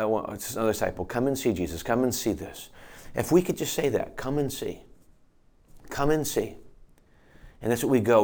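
A male pastor delivering a sermon in an earnest, emphatic voice of middle pitch. He presses his points with conviction, sometimes restarting a phrase mid-thought.

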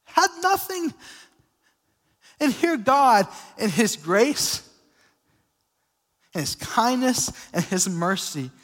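A young male pastor with a high, bright-pitched voice tells his story from the pulpit in a loose, animated way full of filler words. His voice rings out with the long reverb of a large church hall. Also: slow, pauses often. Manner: casual, energetic storytelling with many fillers. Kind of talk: sermon, personal testimony.

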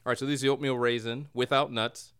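Smooth-voiced man hosting a casual show. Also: medium pitch, little pitch movement, fast, fairly bright tone. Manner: playful, mock radio-announcer delivery. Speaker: podcast host. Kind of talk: casual comedic chat show. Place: home room near a window.

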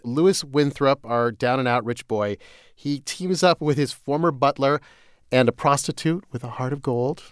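A man co-hosting a podcast, explaining finance in a lively, animated way that often breaks into laughter. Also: medium pitch, clean tone, dry recording, studio quality. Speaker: podcast co-host, economics reporter. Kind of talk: casual chat, scripted explainer.

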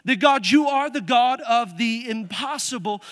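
A male pastor delivers an animated sermon in a church, his voice strikingly high and bright. His emphasis keeps rising as he presses his points. The sound carries a long echo from the church hall. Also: unhurried. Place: church sanctuary.

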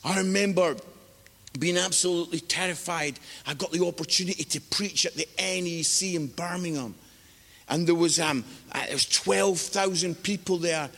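A man preaching a sermon, animated and exclamatory, acting out voices as he tells a story. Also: sits high, moderate pace, creaky. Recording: long hall reverb.

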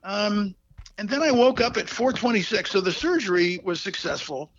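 Gravelly man, halting and heartfelt. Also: high-pitched, animated, a bit bright, no echo, highs cut off. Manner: halting, heartfelt, many fillers and restarts. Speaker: guest telling his story. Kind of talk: personal storytelling interview.

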